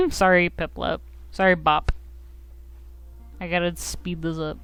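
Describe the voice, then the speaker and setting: A woman's voice: sits low, flat delivery, slow, a bit bright, smooth, no echo, soft background music. A young woman streaming a game, chatting casually in a giggly, self-mocking, rambling way. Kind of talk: casual live-stream chat.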